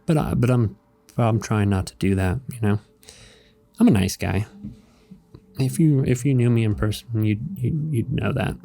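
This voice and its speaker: A man's voice: on the low side, normal speed, vocal fry, long pauses, dark tone. A man hosting a show where he reads comic strips, chatting casually in a rambling, hesitant way and chuckling now and then. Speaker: host.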